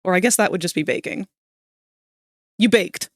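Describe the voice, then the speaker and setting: Streaming live as she draws, a young woman talks with her viewers in a relaxed, drowsy way, punctuated by lively fits of laughter. She speaks at a moderate pace in a lowish voice, and the studio-quality recording has no echo.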